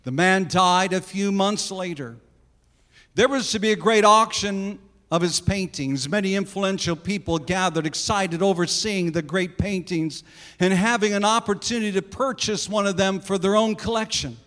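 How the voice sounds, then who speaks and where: Male preacher, high voice, earnest storyteller, long hall reverb. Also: moderate pace, fairly bright tone. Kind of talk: sermon illustration storytelling.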